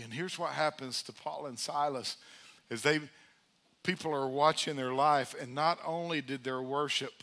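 A man preaching a sermon in church, conversational and energetic, calling out to the congregation. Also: medium pitch. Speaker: pastor. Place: church sanctuary.

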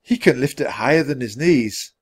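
Read-aloud narrator: man, mid pitch, animated delivery, clear for learners. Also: normal speed. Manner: clear, expressive storytelling. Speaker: storybook reader.

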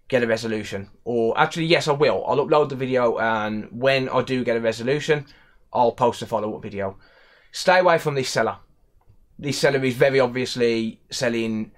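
Brief: young West Midlands man, repair tech vlogger, irritated rant, mid-pitched voice. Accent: West Midlands English. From England. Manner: annoyed, ranting, repeats himself. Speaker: electronics repair technician. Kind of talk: casual vlog commentary.

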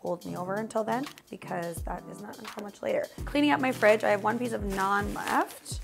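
A woman's voice: medium pitch, fairly quick, vocal fry, music in the background. A woman talking casually through a home cooking vlog, chatty and full of "like" fillers. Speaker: vlogger.

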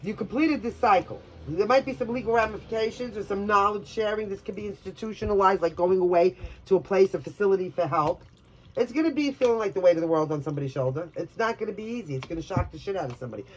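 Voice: medium pitch, fast, highs cut off, a little hiss or hum. A tarot reader from Brooklyn giving a casual reading, blunt and chatty, swearing freely. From New York, Brooklyn.

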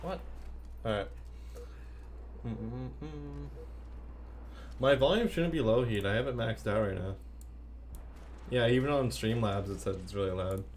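A man's voice: fairly low pitch, moderate pace, pauses often, slight background noise. A man streaming a video game, chatting playfully and answering his viewers' chat as he plays. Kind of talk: casual live-stream chat.

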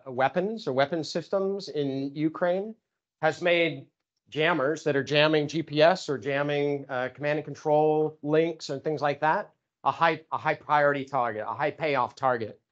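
A man's voice: on the high side, unhurried, muffled recording. A man giving an informal lecture on electronic warfare, talking casually with many fillers and restarts. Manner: casual, filler-heavy, self-correcting. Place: lecture room.

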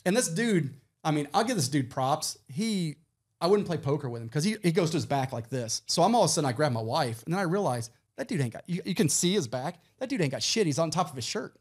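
A middle-aged man from Texas, a podcast guest, telling a profane, animated anecdote full of quoted voices. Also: fairly high pitch, quick pace, slightly rough. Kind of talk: casual storytelling.

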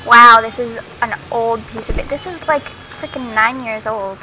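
A woman's voice: fairly high pitch, fairly even intonation, normal speed, pushed and bright, soft background music, poor audio. A young adult woman casually commenting as she plays a game, chatty and giggly, reading notes aloud as she finds them. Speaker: let's play host.

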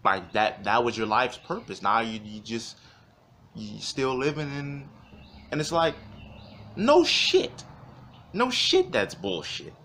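A man's voice: on the low side, unhurried, bright, forceful tone, slight background noise. A man giving a heated, profane rant to camera, sarcastic and fired up. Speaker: vlogger.

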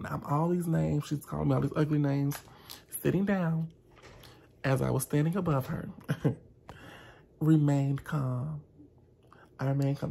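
A vlogger telling a dramatic storytime, acting out both sides and slowing down to stress key lines. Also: mid-range voice, creaky, dark tone, slightly rough. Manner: dramatic retelling, slows down for emphasis, acts out both sides. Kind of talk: storytime vlog.

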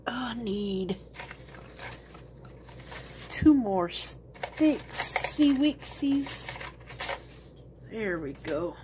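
A woman's voice: medium pitch, background noise. A woman talking casually to her viewers while she makes resin crafts, thinking aloud and rambling as she works.

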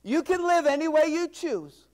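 A man preaching a sermon in a strikingly high voice. He swings from ringing, emphatic declarations to hushed asides that pull the congregation in. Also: expressive, normal speed. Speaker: pastor.

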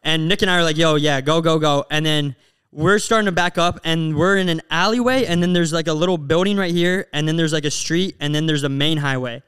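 A man's voice: on the high side, a little fast, clear, resonant tone. A young man, a podcast co-host, telling a story in casual chat and acting out what people said. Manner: animated, acts out quotes while telling a story.

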